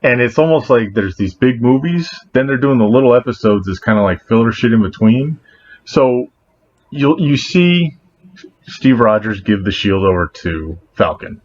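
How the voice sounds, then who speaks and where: A man co-hosting a podcast, rambling in casual chat, profane, with animated asides. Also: mid-range voice, normal speed. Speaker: podcast co-host. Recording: dull lo-fi sound with faint noise.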